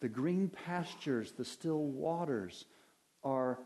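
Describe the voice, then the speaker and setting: A man preaching a sermon as pastor, rising in emphasis and drawing out key phrases slowly. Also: medium pitch, expressive, warm tone. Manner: preaching with swells of emphasis and slow drawn-out phrases.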